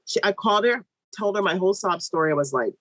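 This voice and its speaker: A woman in a conversational podcast, telling a personal story with animated energy and swinging her voice high and low as she acts out other people. Her voice sits at an ordinary middle pitch, and it comes across close and dry. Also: no echo, poor audio. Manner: fast, run-on telling with restarts. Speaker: guest, midwife.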